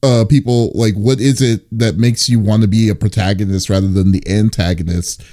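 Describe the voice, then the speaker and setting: A man's voice: on the low side, fairly even intonation, brisk, dark tone. A man hosting a podcast interview, asking long rambling questions with many restarts. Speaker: podcast host. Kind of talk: casual interview chat.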